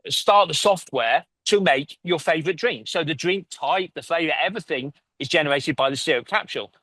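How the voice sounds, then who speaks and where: A man's voice: fairly high pitch, sharp tone, dry recording. An English man, a company founder, talking earnestly in a remote interview and often restarting his sentences. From England. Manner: earnest, restarts and repeats words. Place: lives in Italy, remote call.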